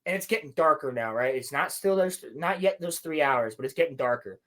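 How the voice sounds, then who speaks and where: A man with a slightly higher-pitched voice rambles through a plot recap on a podcast. He is casual and sarcastic, and now and then he swears. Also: animated, fairly quick, a bit bright. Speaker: podcast host reviewing a show. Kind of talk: casual chat.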